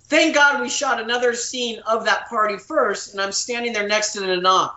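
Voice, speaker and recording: A man, a guest actor, telling a story in an animated way and acting out the quotes with big voice shifts. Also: sits high, normal speed, echoey room, muffled recording.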